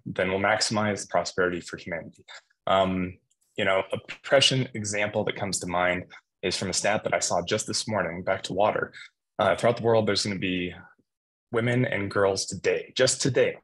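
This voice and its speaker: Man, husky lower voice, upbeat public commenter over a video call, casual with plenty of uhs. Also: fairly bright tone, poor audio. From Colorado, USA. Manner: casual, upbeat, with frequent fillers. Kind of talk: public comment at a virtual hearing. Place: home setup on a video call. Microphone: video call mic.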